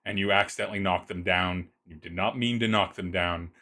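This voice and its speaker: A man narrating a tabletop roleplaying game as game master, describing scenes in a halting way with many restarts. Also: low-pitched, fairly even intonation, bright, forceful tone.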